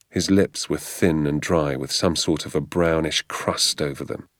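A man reads a storybook aloud in a measured, even manner, voicing each character's lines himself. His voice is deep and sits close to the mic in a dry, deadened recording. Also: no echo. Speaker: narrator. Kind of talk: storybook audiobook reading.

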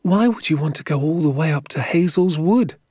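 A man's voice: animated, moderate pace, darkish tone, slightly rough, no echo, studio quality. A man doing an eager, anxious young boy. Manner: eager questioning, rising pitch.

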